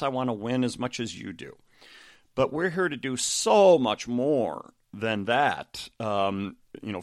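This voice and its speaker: A man's voice: mid-range voice, a bit bright, no echo, studio quality. Chatty middle-aged man talking over a book. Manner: rambling, many fillers and restarts. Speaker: podcast host and coach. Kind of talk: casual book discussion.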